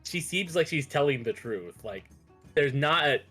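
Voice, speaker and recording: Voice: mid-range voice, lively intonation, unhurried, a bit bright, husky, faint music behind. A game master running a tabletop game, hesitant and searching for words as they describe what the players sense.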